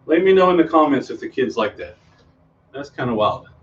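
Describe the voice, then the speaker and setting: A middle-aged man who works as a children's magician does tricks for kids on a stream from a room at home, his medium-pitched voice brisk and expressive with slight background noise. His chatter rambles, full of ums and false starts, captured in distant, dull home-video audio.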